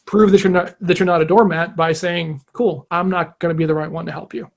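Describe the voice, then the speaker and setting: A man with a somewhat high voice tells a story on a podcast. He chats casually and animatedly, slipping into quoted back-and-forth as he goes. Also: steady tone, brisk, gravelly. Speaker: podcast co-host.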